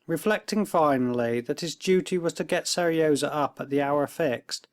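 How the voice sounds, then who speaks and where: A man narrating a classic novel as an audiobook, reading in a slow, measured way. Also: fairly high pitch. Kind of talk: scripted narration.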